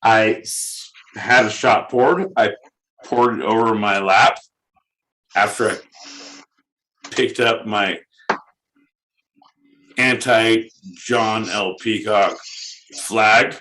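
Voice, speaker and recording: A man co-hosting a podcast, crude, loud and joking. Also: fairly low pitch, fairly even intonation, very slow, long pauses, a little hiss or hum. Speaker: podcast co-host. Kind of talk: casual comedic chat.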